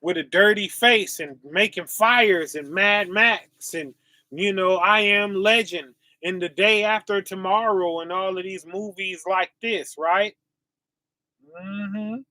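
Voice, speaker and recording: A man's voice: high-pitched, pushed and bright, dry recording. A male preacher, reading scripture and asking his listeners "right?" as he goes. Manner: call-and-response asides, often asking "right?"; reads verses slowly and drawn out.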